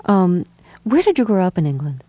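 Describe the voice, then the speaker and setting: A woman interviewer who asks calm, curious questions. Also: on the low side, moderate pace, dry recording.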